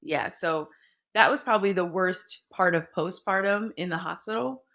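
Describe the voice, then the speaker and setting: A young adult woman, a podcast guest, telling her story in a candid, animated way. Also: on the low side, moderate pace. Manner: animated retelling, voicing others in quotes.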